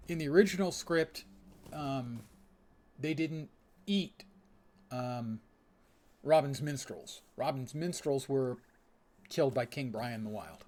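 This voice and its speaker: An older man streaming a game, chatting casually and rambling with frequent filler pauses. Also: medium pitch, expressive, a little mellow. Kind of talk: casual gaming commentary.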